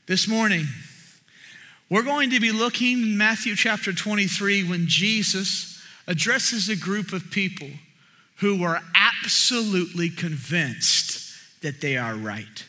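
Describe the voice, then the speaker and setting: A young man preaching a sermon, telling a story with animated energy and bursts of shouting as he acts out others. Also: sits high, unhurried. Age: young adult. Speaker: pastor.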